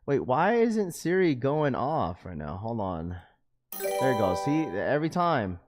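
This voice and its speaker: A man hosting a casual livestream, chatty and laughing often as he gives shout-outs for donations. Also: mid-range voice, very animated, unhurried, soft background music. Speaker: livestream host.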